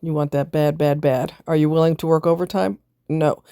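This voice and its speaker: A woman's voice: low-pitched, fairly even intonation, brisk, warm tone, clean tone, dry recording, clean studio sound. A woman vlogger giving blunt, preachy casual commentary, firing off rhetorical questions and answering them herself.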